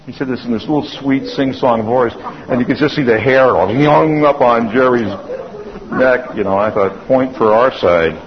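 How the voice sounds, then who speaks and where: A man's voice: mid-range voice, normal speed. A man giving an anecdotal lecture in a loose, conversational storytelling manner, often restarting his sentences. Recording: dull lo-fi recording.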